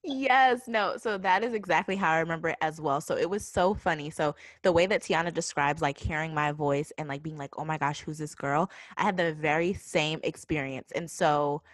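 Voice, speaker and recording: A woman's voice: low voice, normal speed, few pauses, no echo. A young woman from Boston co-hosting a podcast in casual chat, confident and pleasant-voiced, laughing often. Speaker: podcast co-host.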